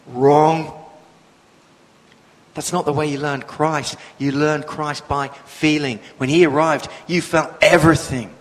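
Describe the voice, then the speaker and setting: Passionate preacher in an echoing hall. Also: male voice, steady tone, takes it slowly. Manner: passionate, emphatic, with sudden swells in pitch and volume. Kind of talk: sermon. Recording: long reverb of a large hall.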